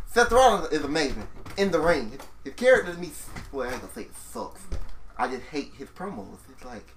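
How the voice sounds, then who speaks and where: A man's voice: on the high side, sing-song, fairly quick, over music. A man co-hosting a casual wrestling chat, opinionated and ranting, swearing freely. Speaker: podcast co-host.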